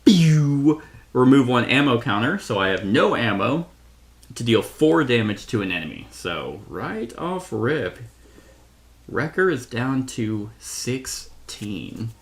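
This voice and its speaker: A man's voice: mid-range voice, very animated, slow pace, fairly bright tone. A man playing a solo card game on his own, thinking aloud as he goes, reading card text and correcting himself along the way. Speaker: board game reviewer. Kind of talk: solo tabletop playthrough.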